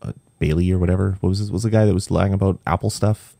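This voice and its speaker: A man's voice: low voice, fairly even intonation, fast talker, creaky, warm tone, no room sound. A young man hosting a casual gaming podcast, chatty and rambling, laughing easily. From Canada. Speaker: podcast host.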